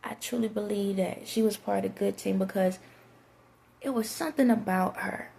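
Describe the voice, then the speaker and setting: This is a woman telling a winding story to her audience. Her voice is mellow and dark with a gravelly edge. She drifts between her own account and quoted dialogue in a loose, conversational way. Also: mid-range voice, fairly even intonation, normal speed. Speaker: vlogger. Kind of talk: rambling storytime monologue.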